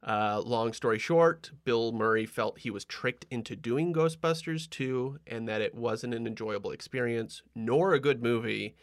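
A man hosting a casual podcast chat, laughing often and trailing off quietly at the ends of thoughts. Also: medium pitch, unhurried, hardly any pauses, dry recording, clean studio sound. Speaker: podcast host.

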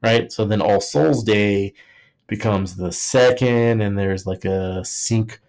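A podcast co-host with a lowish, darkish voice takes his time as he rambles jokily through a history topic. His casual chat is full of "like" and frequent restarts.

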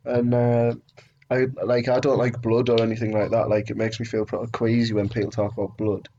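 A young man with a mid-pitched voice recounts a story in a relaxed podcast chat, wry and questioning. Faint clicks sit in the background of the recording. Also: a little fast, lo-fi sound, a little hiss or hum. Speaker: podcast co-host. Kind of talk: casual chat.

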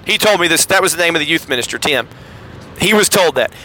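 In a rough recording, a fast-talking middle-aged podcast host from the Southeastern United States tells a sardonic, wry story as a casual monologue, full of lively pitch swings.

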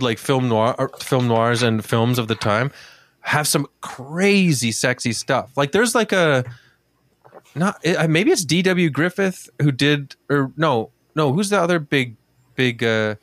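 A man's voice: on the high side, animated, measured pace, a bit bright, no room sound. A man co-hosting a casual talk podcast, telling a story in a chatty way, swearing freely and filling with "like". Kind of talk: casual chat.

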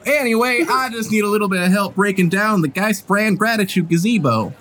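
A man's voice: sits high, fairly quick, noisy background, voice pushed up, lightly acted. A man voicing a chipper, folksy woman from a gaming company who calls everyone partner. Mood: chummy. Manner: drawling, calls people partner.

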